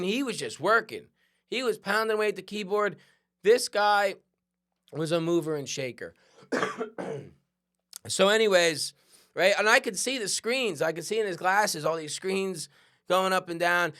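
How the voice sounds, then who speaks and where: A man hosting a podcast, telling a personal story in a conversational, animated way and often checking in with "right?". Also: high voice, unhurried. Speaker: podcast host. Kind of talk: storytelling monologue.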